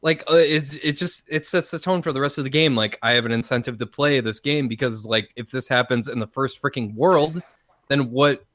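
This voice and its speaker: A man co-hosting a casual podcast about retro games, excitable and animated, with many restarts. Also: mid-range voice, fairly quick, dry recording, studio quality. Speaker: podcast co-host. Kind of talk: casual chat.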